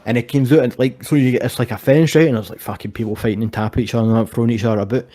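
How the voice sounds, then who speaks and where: A man's voice: mid-range voice, steady tone, racing, warm tone. A man, co-hosting a casual chat and telling stories with a lot of swearing and laughter. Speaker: podcast co-host.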